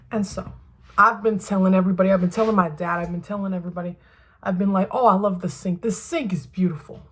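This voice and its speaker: Husky-voiced woman with a Southern drawl. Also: medium pitch. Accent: put-on Southern US. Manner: emphatic, chatty, swears freely, keeps asking "right?". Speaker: vlogger. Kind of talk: casual advice monologue. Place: bathroom at home.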